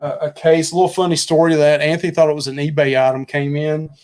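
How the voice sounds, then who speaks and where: A man's voice: fairly high pitch, little pitch movement, fast, a little mellow. A middle-aged man co-hosting a live cooking and travel stream, chatting casually and rambling as he thanks viewers over and over.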